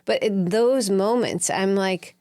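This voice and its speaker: A woman's voice: mid-range voice, slow pace, warm tone, dry recording, clean studio sound. A woman guest on a parenting podcast, chatting candidly and swearing freely as she tells stories from home. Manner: candid, profane storytelling with acted quotes. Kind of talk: casual chat.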